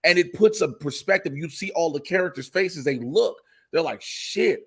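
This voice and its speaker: Male podcast co-host, pitched a bit high, lively and profane, acts out scenes. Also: normal speed, slightly rough. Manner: animated, swears freely, acts out reactions. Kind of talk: casual podcast chat.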